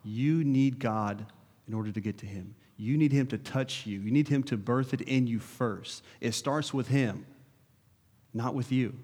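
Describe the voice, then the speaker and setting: A man preaching a sermon to his congregation, earnest, building to urgent questions and dropping soft for prayer. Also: medium pitch, unhurried, husky. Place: church sanctuary. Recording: long reverb of a hall.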